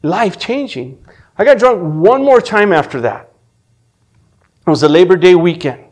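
A middle-aged man telling his personal faith testimony, earnest and emotional, often restarting his sentences and dropping from loud to hushed. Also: high voice, big pitch swings, unhurried. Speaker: testimony speaker.

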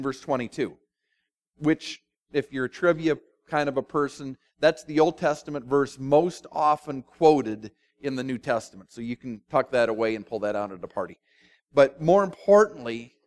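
A man preaching a sermon as pastor, talking conversationally and with animation, with dramatic pauses and asides. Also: on the high side.

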